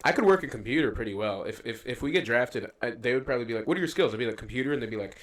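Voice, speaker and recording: Young male podcast co-host, casual, profane, rambling; mid-pitched. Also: rapid-fire. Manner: profane, rambling, animated when quoting. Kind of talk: casual chat.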